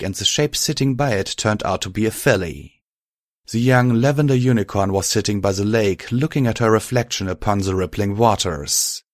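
A man narrating a first-person story in a calm, even manner. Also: on the low side, dry recording, studio quality.

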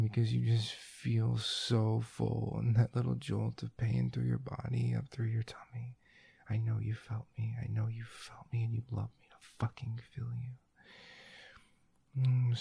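A man's voice: fairly low pitch, dark tone. A man in whispered role-play, talking in intimate, murmuring tones that often drop to a whisper. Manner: intimate, breathy murmuring with frequent whispers and profanity. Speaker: erotic audio performer. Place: room indoors.

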